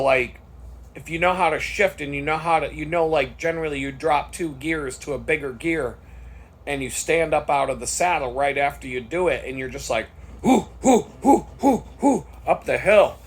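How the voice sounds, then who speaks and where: Husky man ranting through a story. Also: fairly high pitch, fairly bright tone. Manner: profane, worked-up storytelling. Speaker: vlogger. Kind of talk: casual storytelling monologue.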